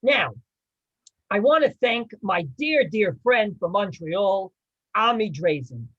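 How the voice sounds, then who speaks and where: A man teaches a class with a husky edge to his voice. His pitch swings widely as he quizzes and teases the people listening. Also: expressive, slow pace, fairly bright tone, muffled recording. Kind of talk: lively spoken class.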